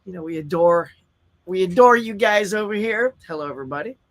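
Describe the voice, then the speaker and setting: A man's voice: high voice, animated, a little fast. A man, hosting a live stream in casual, upbeat chat and reading viewer comments aloud. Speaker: livestream host.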